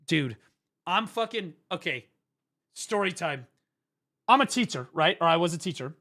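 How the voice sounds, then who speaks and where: A man, a former teacher, chatting casually on stream and telling stories, profane and animated. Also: fairly high pitch, normal speed. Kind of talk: casual stream chat and storytelling.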